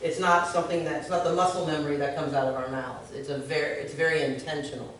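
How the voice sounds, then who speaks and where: A woman's voice: deep voice, fairly even intonation, fast, fairly bright tone, distant mic. An earnest woman leads a workplace discussion, stressing her points and checking in with her listeners. She sits well back from the mic in a very echoey meeting room. A faint noise floor hums underneath. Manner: earnest, emphatic, often checks in with "right?". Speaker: social services staff member leading a discussion.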